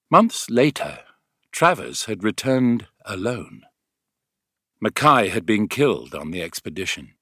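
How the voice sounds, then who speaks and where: Expressive male audiobook narrator, dry studio sound. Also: mid-range voice, dry recording. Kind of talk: scripted narration.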